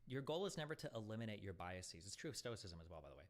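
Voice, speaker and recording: A man's voice: fairly low pitch, big pitch swings, rapid-fire. A man hosting a casual live-stream debate, talking bluntly with lots of swearing and rambling asides. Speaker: streamer host.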